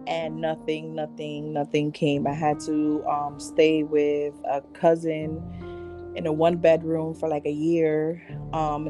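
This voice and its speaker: Woman co-host, low and soft-spoken, earnest, guitar music underneath. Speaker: podcast co-host. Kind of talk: casual faith conversation.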